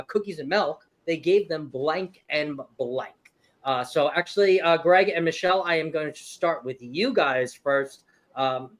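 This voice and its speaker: Guy hosting a live game show stream, lively swoopy voice, laughs a lot, video call mic. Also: fairly high pitch. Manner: animated, laughs often, teasing.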